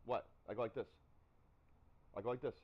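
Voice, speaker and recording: A man chatting casually on a live stream, telling stories in an animated way and acting out what people said. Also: medium pitch, brisk, husky, narrow, tinny audio. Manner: animated storytelling, acts out quotes. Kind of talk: casual chat.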